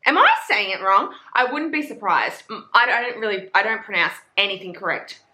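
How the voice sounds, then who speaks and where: A woman's voice: medium pitch, normal speed, echoey room. A young Australian woman with an Australian accent, gushing and swearing in a casual book review vlog. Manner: gushing, profane, excitable.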